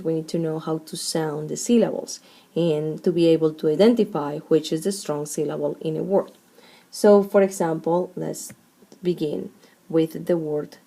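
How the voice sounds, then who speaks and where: A woman's voice: on the low side, vocal fry, dark tone. A woman teaching a language lesson, explaining rules step by step and sounding out syllables one at a time. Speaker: Spanish teacher.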